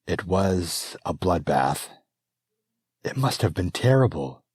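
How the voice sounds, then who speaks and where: A man's voice: deep voice, sing-song, slow pace, darkish tone, slightly rough, no echo, voice pushed up, heavily acted. A man voicing a grave young princess regent. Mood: grieving.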